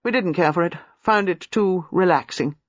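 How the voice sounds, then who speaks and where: A man's voice: sits high, moderate pace, no echo, highs cut off. A man doing a cold, authoritative older woman. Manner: expressionless, authoritative.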